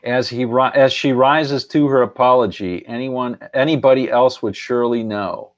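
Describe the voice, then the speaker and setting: A man's voice: medium pitch, fairly even intonation, moderate pace. A middle-aged man hosting a casual live stream, chuckling often and half-singing song lines as he reads out viewer answers.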